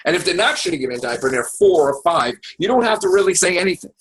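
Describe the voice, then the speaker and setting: Profane, animated husky man ranting. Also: high-pitched, quick pace. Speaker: podcast host. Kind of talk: heated casual political rant.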